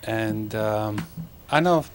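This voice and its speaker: A man in a studio audience describing his small company and asking the panel how to make things move faster, hesitating often with fillers. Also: lowish voice, a little hiss or hum. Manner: rambling with many fillers, self-promoting. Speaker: audience member asking a question. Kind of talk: asking a question at a studio event.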